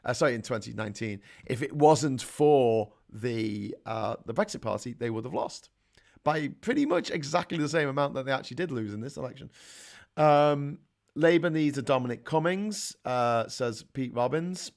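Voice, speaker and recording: A man's voice: mid-range voice, animated, normal speed, gravelly. A middle-aged man with a Scouse accent hosts a live call-in stream, reading viewer comments aloud and answering them with blunt, opinionated rants that swear and build in heat. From Liverpool, England. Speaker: host of a live call-in chat show.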